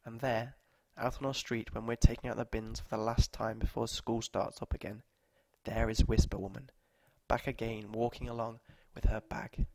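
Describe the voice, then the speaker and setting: A man narrating short stories aloud at a measured, steady pace. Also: lowish voice, no echo.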